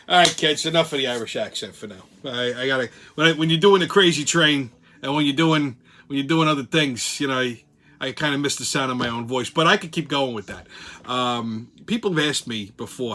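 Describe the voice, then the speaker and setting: A man's voice: mid-range voice, animated, a little fast, pushed and bright. A man hosting his own channel, giving profane, sarcastic political commentary. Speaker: host.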